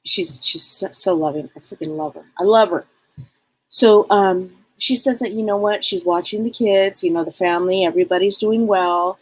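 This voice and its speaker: A woman's voice: fairly low pitch, normal speed, rough recording. A woman hosting a live psychic stream, chatting casually and rambling, greeting viewers by name.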